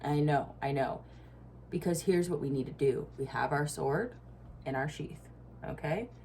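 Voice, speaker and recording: A woman's voice: low-pitched, unhurried, gravelly, darkish tone, slight background noise. A woman giving a casual tarot reading, blunt and profane, with frequent asides and laughs. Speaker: tarot reader.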